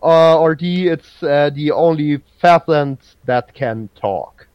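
A man's voice: fairly high pitch, slow, clean tone, no room sound, dull audio. A man hosting a casual podcast quiz. He halts, restarts and searches for his words. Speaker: podcast host running a trivia quiz. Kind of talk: casual chat.

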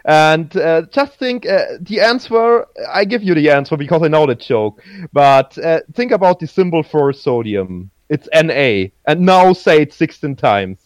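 A man co-hosting a podcast who giggles often and talks haltingly in casual chat. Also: fairly high pitch, animated, dry recording. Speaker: podcast co-host.

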